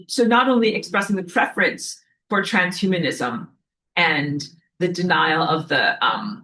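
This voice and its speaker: A woman's voice: on the low side, fairly bright tone, rough recording. A woman giving a preachy spiritual lecture to a class, in an emphatic, scolding manner that sometimes turns to swearing. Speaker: spiritual teacher.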